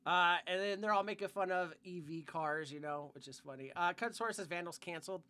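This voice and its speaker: Male host, high bright voice, reads chat comments, crude jokes. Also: brisk, clean tone. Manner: reads viewer comments aloud, crude and joking. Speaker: podcast host reading chat. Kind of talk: casual chat.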